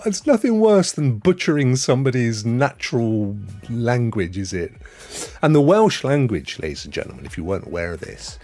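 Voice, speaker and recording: A man's voice: mid-range voice, a little mellow. A man hosting a live stream, chatting casually, laughing often and answering chat.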